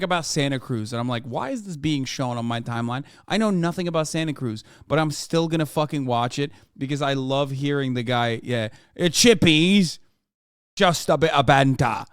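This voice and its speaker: A male streamer talks loosely and jokes his way through reacting to clips, swearing freely. His voice is smooth and clear, slightly higher than average, and it sits close and dry on the mic with no room sound. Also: brisk, hardly any pauses, dry recording. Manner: profane, laid-back, joking. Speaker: streamer host. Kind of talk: casual reaction stream chat.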